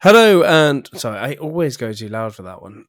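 A man's voice: on the low side, animated, moderate pace, breathy edge, no room sound, studio quality. A man hosting a podcast in casual chat, rambling and hesitant with many fillers, laughing easily. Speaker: podcast host.

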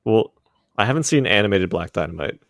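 A man co-hosting a podcast, tossing out quick jokes and casual swears. His voice sits a bit low but moves around a lot in pitch, recorded dry and close. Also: lively intonation, no echo. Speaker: podcast co-host. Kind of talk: casual chat.

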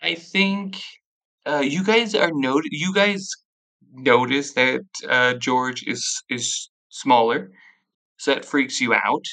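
Gravelly-voiced, bright game master. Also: mid-range voice, slow pace, low-quality recording. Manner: rambling, loose narration. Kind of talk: narrating a tabletop game.

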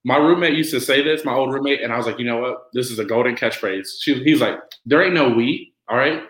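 A man appears as a podcast guest, chatting casually and telling stories at a fast clip in a mid-range voice. He's an animated storyteller who acts out quoted lines, though the recording is reverberant and low quality.

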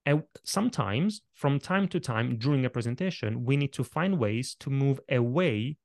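A man's voice: mid-range voice, expressive, normal speed, creaky, darkish tone. Man coaching on presentation delivery. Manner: demonstrates vocal techniques while explaining. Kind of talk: explanatory interview talk.

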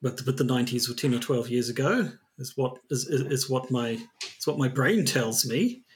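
Male podcast co-host, mid-pitched voice, hesitant and rambling, restarts often. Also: moderate pace, a little hiss or hum. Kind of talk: casual chat.

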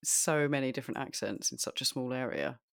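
A woman's voice: extremely low pitch, fairly quick, smooth, no room sound, clean studio sound. A young woman from southeast England with a southern English accent, co-hosting a casual podcast chat, laughing often and hedging with fillers. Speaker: podcast co-host.

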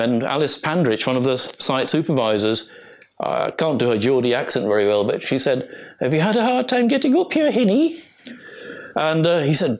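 An older English man, an archaeologist, giving a rambling, anecdotal illustrated talk to a live audience. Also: fairly high pitch. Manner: rambling, anecdotal, with restarts and chuckles.

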